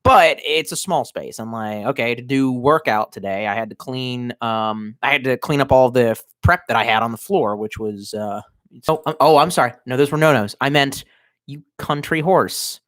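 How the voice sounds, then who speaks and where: A man's voice: mid-range voice, normal speed, a bit bright, no room sound, clean studio sound. Tipsy man ranting on a livestream. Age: 30s. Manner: rambling, profane, sardonic. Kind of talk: casual livestream rant. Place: cramped bedroom at home.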